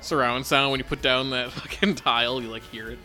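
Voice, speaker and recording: Chill young guy rambling on a podcast, bright tone, faint music in back. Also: mid-range voice, a little fast. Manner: relaxed, joking, many fillers. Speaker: podcast co-host. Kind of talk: casual chat.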